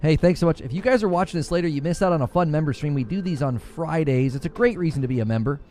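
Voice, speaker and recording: Male streamer host, animated casual chatter over a headset mic, soft game music underneath. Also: fairly high pitch, very fast. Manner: animated, rambling with repeated fillers. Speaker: streamer hosting a members' stream. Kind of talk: casual live-stream chat while gaming.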